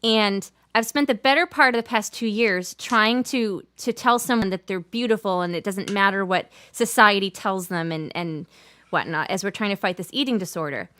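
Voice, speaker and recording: A woman singer-songwriter chatting between songs on a livestream, chatty and quick to laugh. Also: mid-range voice, pushed and bright. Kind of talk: casual chat between songs.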